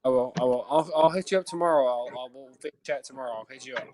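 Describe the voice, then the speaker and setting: A man's voice: mid-range voice, fast talker, crowd noise. A man, telling stories in casual chat, rambling and swearing freely. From USA. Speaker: guest.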